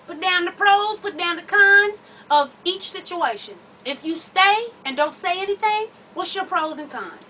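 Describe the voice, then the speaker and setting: A woman's voice: high-pitched, pushed and bright, distant mic, slight background noise. A woman hosting an advice vlog, blunt, sassy and profane as she talks straight to the viewer. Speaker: advice show host.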